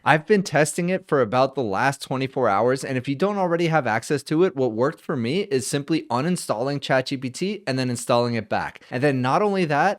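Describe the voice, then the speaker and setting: A man hosting a casual tech review vlog, talking directly and conversationally with mild criticism. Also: medium pitch.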